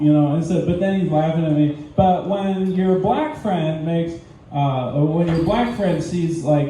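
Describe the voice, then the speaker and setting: A man's voice: a little high, dark tone. A young man doing an open-mic stand-up set, rambling and self-deprecating with giggly asides. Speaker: stand-up comedian. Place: small comedy venue, indoors. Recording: echoey room, mic far off, faint noise.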